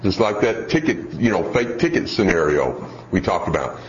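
A man giving a parenting talk, telling a story in a lively way with many asides. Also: deep voice, normal speed. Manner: lively storytelling, lots of "you know". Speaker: parenting speaker. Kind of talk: parenting talk with acted-out scenes. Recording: roomy, slightly dull recording.

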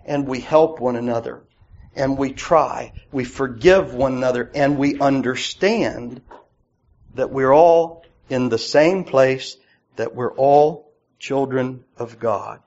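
A man preaching a sermon to his congregation, swinging between loud emphatic peaks and quiet asides. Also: mid-range voice, takes it slowly. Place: church. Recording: dull lo-fi church recording.

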